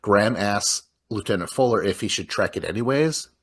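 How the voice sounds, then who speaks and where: A man's voice: on the low side, expressive, fairly quick, breathy edge. A man talking casually through a film's scenes, rambling with many filler words as he recaps the plot. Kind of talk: casual film discussion.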